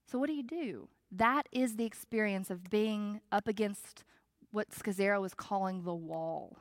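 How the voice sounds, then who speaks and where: A woman pastor giving a reflective, conversational sermon with measured pauses. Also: medium pitch, no echo.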